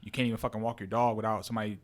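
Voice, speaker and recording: A man co-hosting a podcast in casual chat, animated and repeating himself with many fillers. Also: fairly low pitch, racing. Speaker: podcast co-host.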